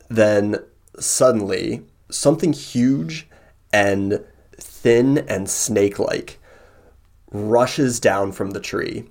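A man's voice: lowish voice, darkish tone. A man running a tabletop role-play game as game master, describing scenes with lots of fillers. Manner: filler-heavy, descriptive storytelling.

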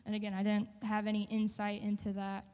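A woman sharing a personal testimony in church, earnest and halting, with many fillers. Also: medium pitch, monotone, dark tone, long reverb tail. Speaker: church member giving testimony.

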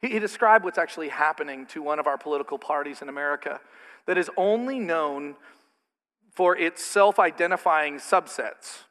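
Middle-aged male pastor, high bright voice, preaching in a long-echo church hall. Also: normal speed. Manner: animated, with mocking put-on asides. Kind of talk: sermon. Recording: reverberant hall.

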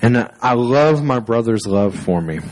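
A man's voice: medium pitch, expressive, measured pace, a little mellow, rough recording. A male pastor preaching a sermon through personal stories, conversational and self-deprecating, with fillers and restarts.

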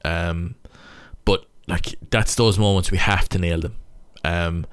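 Irish man, young, low smooth voice, stop-start casual rugby analysis. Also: fairly even intonation, slow pace, a bit bright, dry recording. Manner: stop-start, thinking aloud. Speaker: rugby player analysing match footage. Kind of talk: casual match breakdown commentary.

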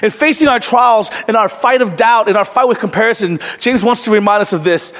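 A man preaching a sermon as a pastor, telling a story in a conversational, earnest way that sometimes sinks to a hush. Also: sits high, brisk. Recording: long hall reverb.

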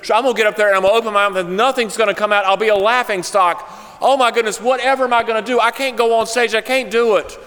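A man voicing a nervous young preacher who rambles fast and fretfully. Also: high voice, steady tone, bright, forceful tone, pitched above the performer's own voice. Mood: panicky. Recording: long hall reverb.

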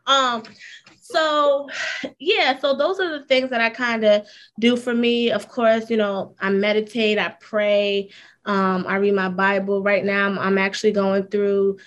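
A woman, a school counselor, talking candidly and with energy as a guest in a casual interview. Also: mid-range voice. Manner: candid, animated storytelling with fillers.

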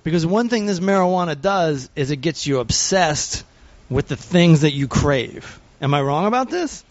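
A man hosting a podcast in casual banter, animated and laughing often, swearing freely. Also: fairly high pitch, normal speed, no room sound, muffled recording. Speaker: podcast host.

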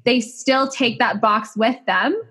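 A woman voice coach in a casual podcast chat, talking in a chatty, animated way, swearing freely and acting out quotes. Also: a little high, slow pace, breathy edge.

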